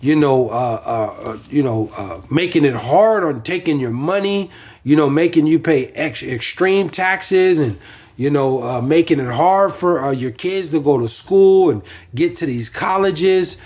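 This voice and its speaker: A man's voice: fairly high pitch, animated, unhurried, a little mellow, husky. A man preaching informally from scripture, rambling with many fillers and restarts.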